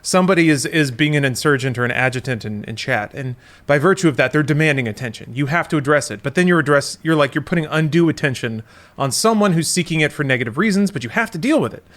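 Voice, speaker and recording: Podcast guy in his 30s, kinda high voice, rambling and musing out loud. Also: lively intonation, fast. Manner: rambling, musing, self-correcting. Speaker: podcast co-host. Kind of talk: casual chat.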